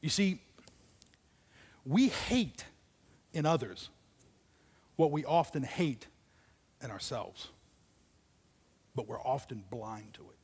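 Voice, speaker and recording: A man preaching a sermon, telling a story with dramatic pauses and dropping to near whispers for emphasis. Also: mid-range voice, big pitch swings, a little mellow, breathy edge, big-room sound. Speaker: pastor. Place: church auditorium.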